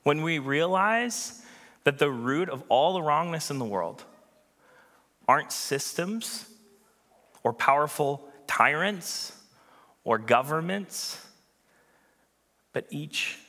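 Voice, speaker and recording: A man preaching a sermon as pastor, earnest and emphatic, with dramatic pauses. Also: on the high side, animated, pushed and bright, big-room sound.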